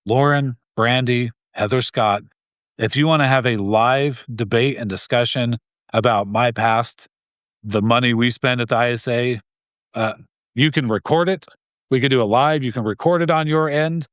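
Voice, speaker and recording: A man talking as an interview guest in an earnest, heated way, often breaking off and restarting his sentences. His voice sits at a middle pitch. The room is dry, with no echo. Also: normal speed, a bit bright. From Idaho. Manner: earnest and heated, with frequent restarts and short laughs. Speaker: guest, gun rights group president. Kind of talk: casual interview talk.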